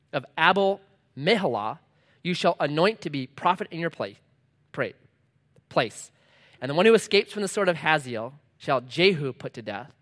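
Male pastor mid-sermon, lively and dramatic delivery, high-pitched. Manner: animated, shifts from loud emphasis to quiet intensity.

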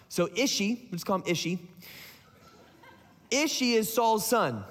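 High-voiced man preaching casually. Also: animated, takes it slowly, pauses often, long reverb tail. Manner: casual, joking storytelling. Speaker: pastor. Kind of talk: sermon.

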